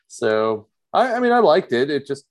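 A man co-hosting a podcast, chatting casually and hesitantly with fillers and repeated words. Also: a little high. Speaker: podcast co-host. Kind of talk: casual chat.

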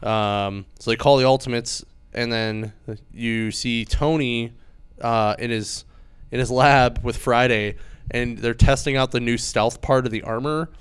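Male comic podcast host, excited rambling recap, clean resonant voice, dead-dry recording. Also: mid-range voice, measured pace, smooth, no echo. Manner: rambling, filler-heavy, enthusiastic retelling. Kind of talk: casual chat.

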